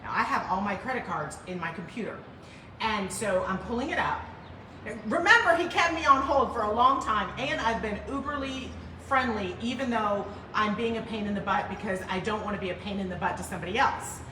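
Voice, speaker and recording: A woman hosting a livestream, telling a story in a chatty, animated way with self-deprecating asides. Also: mid-range voice, brisk. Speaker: furniture painting livestream host. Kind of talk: casual storytelling chat. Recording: echoey room, distant mic, loud train noise. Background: loud passing train.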